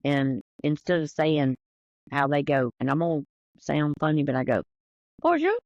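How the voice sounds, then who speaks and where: A woman's voice: deep voice, level tone, moderate pace, a little mellow, no room sound, lo-fi sound. A woman with a Southern US accent and a drawl, chatting casually as a podcast co-host and telling stories. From American South. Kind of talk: casual chat.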